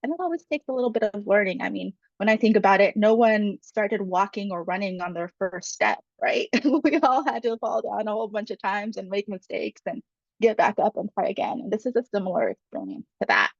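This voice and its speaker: A woman's voice: mid-range voice, expressive, a little fast, vocal fry, no room sound, dull audio. A woman facilitating a webinar workshop, speaking in a friendly, conversational way with frequent fillers. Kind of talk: webinar presentation.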